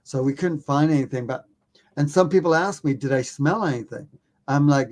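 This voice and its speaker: A man, a documentary filmmaker, telling a story as a podcast guest in a casual, animated way, poking fun at himself and swearing offhandedly. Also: fairly high pitch, normal speed.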